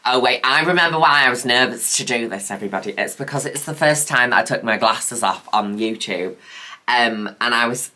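Camp drag queen, very low. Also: brisk, sharp tone. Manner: camp, theatrical, self-mocking. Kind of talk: casual reaction commentary.

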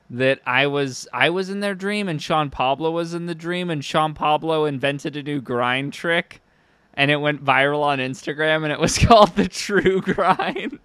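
Bright-voiced young man, profane and sardonic. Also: on the high side, clean tone, no room sound. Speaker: streamer. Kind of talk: casual stream commentary.

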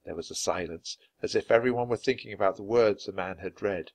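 A man narrating a children's chapter book in a clear, measured read-aloud style. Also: fairly low pitch. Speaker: storybook reader.

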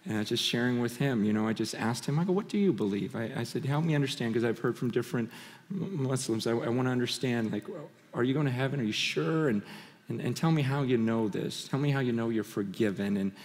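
A man giving a conference sermon, telling personal stories in an animated way, full of restarts and laughter. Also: medium pitch, quick pace. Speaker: conference speaker. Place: large conference hall stage. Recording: hall reverb from a large venue.

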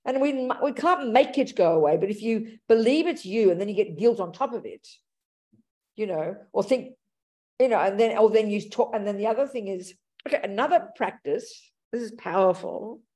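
A woman's voice: mid-range voice, lively intonation, moderate pace, dark tone. Frank, affectionate woman Buddhist teacher. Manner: frank and affectionate, calls people darling and sweetie. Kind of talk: dharma talk answering audience questions.

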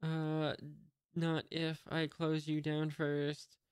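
A hot-tempered young male cook, read flatly by a man in an unhurried, crisp voice. The lines come out plain and level. The sound is dry and close. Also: on the high side, no echo. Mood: curt. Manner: flat plain reading of dialogue.

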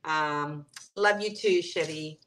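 A woman's voice: lowish voice, lively intonation, measured pace, bright, forceful tone, a little hiss or hum. A woman hosting a live stream, chatting casually and reading out viewer comments and answering them. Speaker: livestream host.

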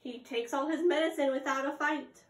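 A woman's voice: sits high, steady tone. A young adult woman teaching preschoolers at circle time, reading aloud and prompting them with gasps and questions. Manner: slow, sing-song, exaggerated gasps and prompts to children. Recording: echoey room.

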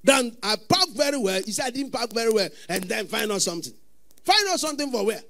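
A man with a Nigerian accent preaching a sermon as pastor, often breaking into sudden shouts. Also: extremely high pitch, lively intonation, fast, creaky.

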